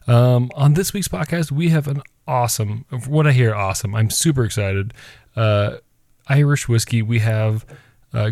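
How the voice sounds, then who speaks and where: A man's voice: mid-range voice, darkish tone, no room sound, clean studio sound. Joking man hosting a podcast. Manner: joking, laughs often, fast and loose. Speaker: podcast host. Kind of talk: casual podcast chat.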